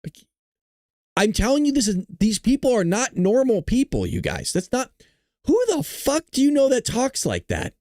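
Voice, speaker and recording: A man's voice: very high voice, normal speed, dry recording. Guy ranting on his politics show, blunt and sweary, voice goes all over, dry close sound. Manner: blunt, profane, animated. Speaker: host. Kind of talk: political commentary.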